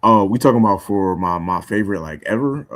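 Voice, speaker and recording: A man's voice: lowish voice, expressive, a little fast, dry recording. A young man chatting casually on a podcast, rambling with lots of fillers and restarts. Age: young adult. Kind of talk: casual chat.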